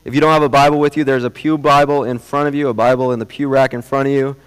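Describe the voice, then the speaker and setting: A young adult man preaching a sermon as pastor, earnest, and moving from quiet storytelling to animated emphasis. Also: mid-range voice, fast, clean tone. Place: church sanctuary. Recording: long hall reverb.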